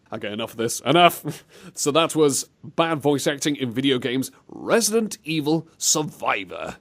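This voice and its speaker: A man's voice: medium pitch, very animated, normal speed, slight background noise. A man co-hosting a casual comedy chat, playful and prone to breaking into silly voices. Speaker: podcast co-host.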